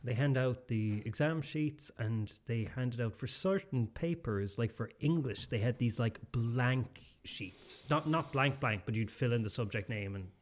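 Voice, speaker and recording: Irish man, young adult, casual podcast chat, rambling, mid-pitched voice. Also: unhurried, hardly any pauses. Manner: rambling storyteller, many restarts and fillers. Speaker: podcast co-host.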